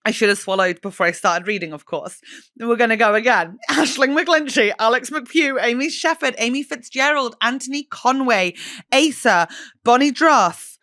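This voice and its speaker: A woman's voice: on the high side, normal speed, sharp tone. A woman hosting a podcast in casual chat, swearing freely and laughing at herself. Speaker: podcast host.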